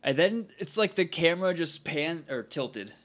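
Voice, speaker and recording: Male podcast co-host, slightly high voice, easygoing, quick wry comments. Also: lively intonation, fairly bright tone. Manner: laughs often, adds wry asides. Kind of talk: casual chat recapping an episode.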